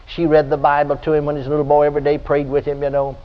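An older man preaching a folksy radio sermon, telling stories and breaking into high, shouted praise. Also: completely flat delivery, rapid-fire. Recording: dull lo-fi archive radio recording.

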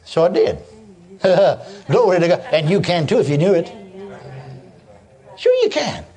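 A man's voice: high voice, normal speed. An older man preaching a sermon, telling stories with lots of repetition and chuckles. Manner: animated storytelling with repetitions and laughs.

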